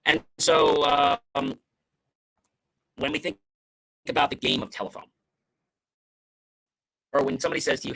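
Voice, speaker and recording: A man's voice: huge pitch swings, normal speed, creaky, pauses often, a bit bright, breathy edge. A middle-aged man hosting a motivational talk show, speaking emphatically and playing with stress and tone to make his points. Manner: emphatic, varies stress and tone to demonstrate meaning; salesy, upbeat sign-off pitch. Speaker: host.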